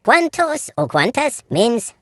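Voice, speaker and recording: A woman explains word meanings slowly and deliberately. Her pitch moves in a lively way. The sound is dry and close. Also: no echo. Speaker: lesson explainer. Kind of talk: casual language lesson.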